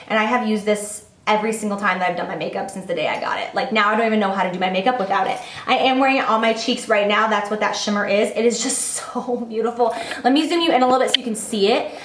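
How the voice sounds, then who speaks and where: A woman's voice: medium pitch, reverberant. A young woman beauty vlogger chatting casually and gushing about her favorite products.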